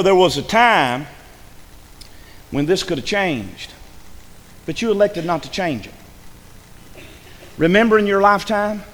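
Pastor, man, high-pitched and fiery, booming shouts dropping to near whispers, reverberant church hall. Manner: fiery preaching, swinging from loud shouts to hushed lows. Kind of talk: sermon. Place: church sanctuary.

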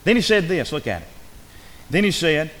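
A man preaching in a church with a somewhat high voice. He is folksy and repeats his phrases, rising to loud emphasis and dropping to hushed asides. The sound carries a long hall reverb. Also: big pitch swings, normal speed. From rural upbringing. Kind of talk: sermon.

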